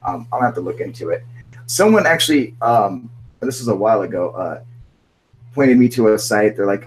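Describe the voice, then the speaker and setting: A man's voice: lowish voice, expressive, fairly quick, slight background noise, rough recording. A young man hosting a casual livestream chat, rambling and swearing constantly, calling everyone dude. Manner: profane, rambling, frequent "dude" and laughter. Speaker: host.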